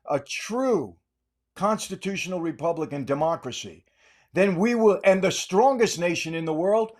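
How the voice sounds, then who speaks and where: Older man, American, angry podcast rant, high voice, repeats insults. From United States. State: aggravated. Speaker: podcast host. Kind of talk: political commentary rant.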